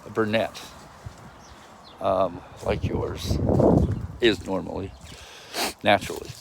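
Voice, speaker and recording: A man's voice: low-pitched, steady tone, slow pace, gravelly, very noisy. A man rambling in a casual video message recorded outdoors on a handheld phone, drifting between thoughts with many ums and restarts. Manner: meandering, self-interrupting, lots of ums and restarts. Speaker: vlogger. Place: outdoors in a yard.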